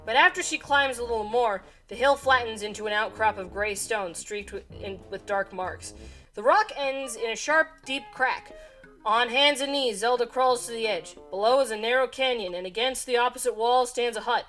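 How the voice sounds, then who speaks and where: A woman's voice: on the high side, moderate pace, sharp tone, faint music behind. Woman game master reading a gamebook. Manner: casual, laughs between lines.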